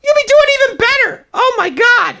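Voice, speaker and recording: Zany high-voiced toilet paper puppet guy, goofy know-it-all talking down to the crowd. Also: very animated, normal speed, vocal fry, pushed and bright, heavily acted. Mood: mock-serious. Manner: over-the-top mock-authoritative advice. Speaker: improvised slideshow presenter. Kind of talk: comedic improvised presentation.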